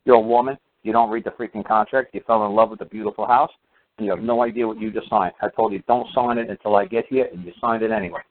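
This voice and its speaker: A man's voice: lowish voice, steady tone, quick pace. A man telling a long story in a casual, rambling way, full of fillers and restarts. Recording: tinny phone line.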